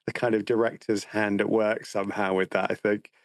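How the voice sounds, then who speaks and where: Fairly quick and flat in delivery, a man with a fairly low voice recaps a film's plot on the podcast he co-hosts. His tone is wry and teasing in the casual chat, and the recording has no echo.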